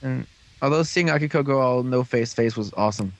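Speaking fairly quickly in a mid-range voice, a podcast host recaps a show during a casual voice-call chat. He rambles and acts out what the characters said.

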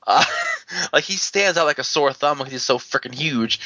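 A man's voice: fairly high pitch, a little slow, sharp tone, no echo. A man telling a rambling convention story in casual chat, full of fillers and restarts, chuckling as he goes. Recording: dull lo-fi dry recording.

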